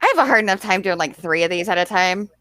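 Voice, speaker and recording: A woman's voice: fairly low pitch, animated, quick pace, a bit bright, dry recording, clean studio sound. A woman hosting a livestream, chatting easily and thanking viewers. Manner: easygoing, laughing, thanks viewers. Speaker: streamer host. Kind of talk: casual livestream chat.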